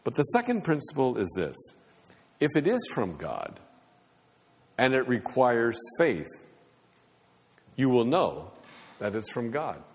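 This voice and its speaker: A man's voice: mid-range voice, wildly swooping pitch, slow, pauses often. A man preaching a sermon as pastor, with rising and falling emphasis. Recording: long hall reverb.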